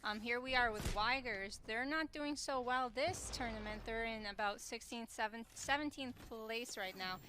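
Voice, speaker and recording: A woman from Canada giving relaxed, self-deprecating color commentary as an esports analyst. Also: fairly high pitch, moderate pace, hardly any pauses, background noise.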